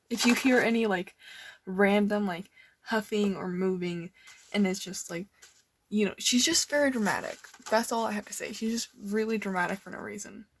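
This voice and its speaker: A woman's voice: medium pitch, slight background noise. A young woman casually rambling as she flips through her old sketchbooks, nervous and full of fillers. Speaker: artist showing old sketchbooks.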